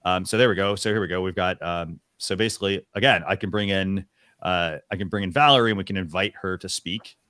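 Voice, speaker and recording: Chatty low-voiced male show host. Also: fairly even intonation, a little fast, pushed and bright, dry recording, clean studio sound. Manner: chatty, rambling with many fillers and restarts. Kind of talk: casual live demo on a talk show.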